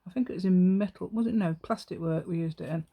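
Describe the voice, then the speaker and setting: A woman's voice: fairly low pitch, fast, creaky, dark tone. An English woman hosting a craft tutorial, chatting casually with self-mocking, rambling asides and frequent laughs. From England. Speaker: craft channel host.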